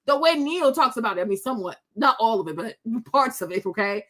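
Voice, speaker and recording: A middle-aged woman telling a story to her viewers in casual chat, animated and sassy, laughing often and acting out quotes. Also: fairly high pitch, fast talker. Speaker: vlogger.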